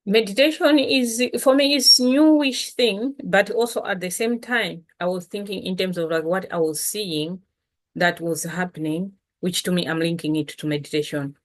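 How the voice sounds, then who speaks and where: A middle-aged woman, teaching words in a relaxed, chatty lesson. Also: fairly low pitch. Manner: relaxed, chatty, slow after lunch. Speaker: language teacher. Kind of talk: casual language lesson.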